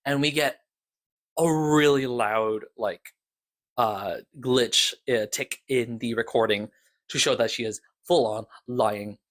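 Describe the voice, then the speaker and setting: A man's voice: medium pitch, takes it slowly, a bit bright. A man giving a casual, rambling recap of podcast episodes as a reviewer, talking loosely and stopping to restart his thoughts.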